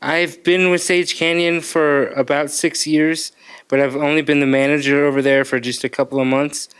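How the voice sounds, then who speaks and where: A man's voice: on the high side, little pitch movement, normal speed, a bit bright, clear, resonant tone. A man who manages a school program, giving modest, plain acceptance remarks.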